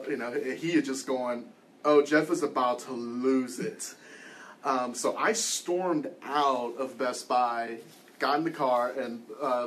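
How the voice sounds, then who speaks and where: A man with a medium-pitched voice teaches a church class and leads the group, with slight background noise. He tells a personal story with wry, self-deprecating humor, loose and conversational, often saying um and restarting.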